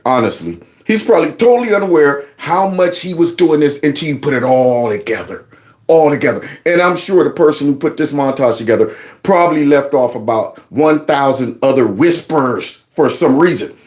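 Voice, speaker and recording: A man hosting a reaction show, mocking and incredulous as he comments on clips. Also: on the high side. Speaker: host.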